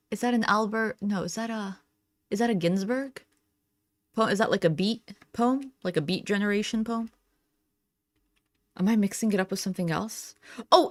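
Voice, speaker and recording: A woman's voice: a little high, no room sound. A woman hosting a reaction stream, talking back at a clip and thinking aloud in casual commentary. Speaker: reaction channel host.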